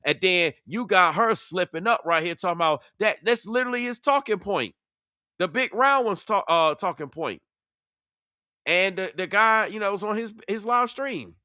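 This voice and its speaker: Heated man roasting his rivals, sharp edgy voice, slightly high, dry close mic. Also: lively intonation, moderate pace, no echo. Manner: confrontational, preachy, mocking. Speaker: online commentator. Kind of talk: heated reaction commentary.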